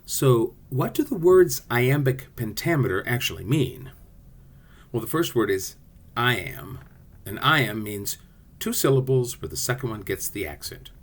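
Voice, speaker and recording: A man's voice: mid-range voice, unhurried. A man teaching a class video, explaining poetic rhythm in a playful way and sounding out beats. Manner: lively, playful teaching voice with sung-out rhythm syllables.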